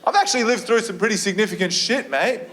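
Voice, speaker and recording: A young man with an Australian accent performing a stand-up set, telling an animated, sweary story and breaking into shrieked impressions. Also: sits high, quick pace. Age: young adult. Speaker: stand-up comedian. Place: comedy venue stage with a live audience. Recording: live room with audience laughter.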